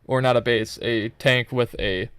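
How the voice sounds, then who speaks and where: A man's voice: mid-range voice, fairly even intonation, a little slow, a bit bright. A young man giving loose, profane, rambling commentary over his own gameplay footage, full of joking asides.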